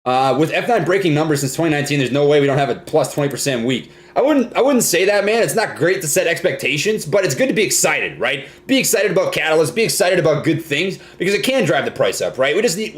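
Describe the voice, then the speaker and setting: A man's voice: on the high side, very animated, fast, hardly any pauses. A young man from Minnesota hosting a casual live stream, reading viewer comments and often ending lines with "right?" and "man".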